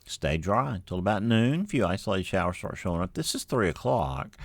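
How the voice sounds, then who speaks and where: A middle-aged man giving an unscripted weather briefing in a relaxed, folksy way with many fillers. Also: low-pitched, brisk, dry recording. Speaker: TV meteorologist.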